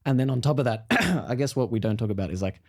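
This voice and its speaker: A man co-hosting a podcast, asking measured questions with pauses and fillers. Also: medium pitch, expressive. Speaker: podcast co-host. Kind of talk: casual podcast conversation.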